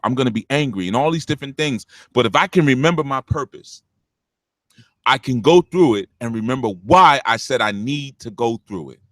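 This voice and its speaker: A man with a deep, punchy voice, preaching blunt spiritual talk to callers on his show, animated and swearing freely. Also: no echo. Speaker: spiritual teacher hosting a call-in show.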